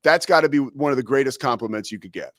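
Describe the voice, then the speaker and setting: A male talk show host interviewing a guest casually, halting and repeating words, enthusiastic. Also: mid-range voice, a bit bright, no echo, clean studio sound.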